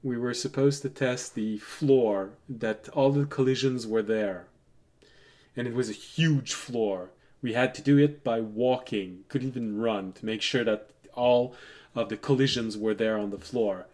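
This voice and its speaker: A man running a tabletop game as game master, relaxed and digressive, laughing often as he tells stories. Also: mid-range voice, unhurried.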